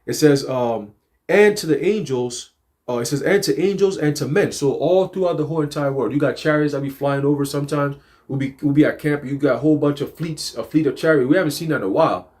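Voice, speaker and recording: A man's voice: on the high side, a little mellow. A man teaching scripture in a casual, emphatic way, slipping into acted-out quotes. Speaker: preacher. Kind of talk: livestreamed teaching.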